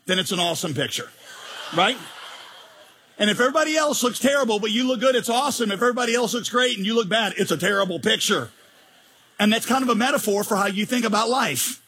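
A man's voice: extremely high pitch, lively intonation, fast, sharp tone, slightly rough. A male pastor preaching a sermon with emphatic delivery, rhetorical questions and jokes.

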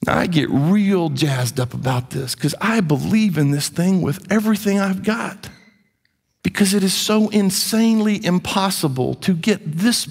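A man preaching a sermon as pastor, swinging from quiet asides to raised, urgent appeals. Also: high voice, expressive, moderate pace, creaky, breathy edge, long reverb tail.

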